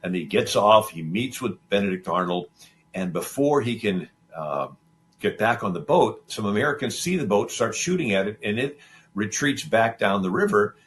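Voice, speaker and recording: A man's voice: on the low side, moderate pace. A man hosting a talk show, telling a history story in a loose, rambling way and acting out the lines of the people in it. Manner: animated, acts out the quoted figures' lines; loose and rambling, with many fillers and restarts. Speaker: show host.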